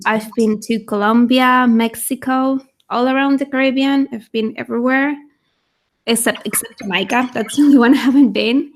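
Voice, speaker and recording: A young woman talks casually over a webcam mic, her voice sitting somewhat high with a lot of vocal fry. She speaks chattily, restarting her sentences and laughing easily. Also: fairly even intonation, normal speed. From Venezuela. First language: Spanish. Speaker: guest. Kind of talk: casual livestream chat.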